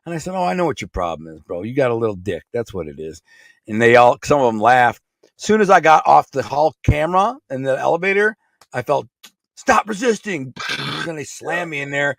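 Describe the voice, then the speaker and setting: A man's voice: medium pitch, expressive, fairly quick, creaky, no echo, clean studio sound. A middle-aged man from Michigan with a Michigan accent, telling a rambling story in blunt, streetwise words as a podcast guest. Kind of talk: casual storytelling.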